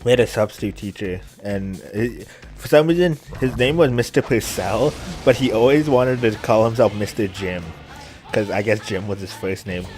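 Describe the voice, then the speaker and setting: A young man provides casual gameplay commentary in a lowish, darkish voice at a moderate pace, with soft background music playing. He tells rambling stories with many filler words and laughs often.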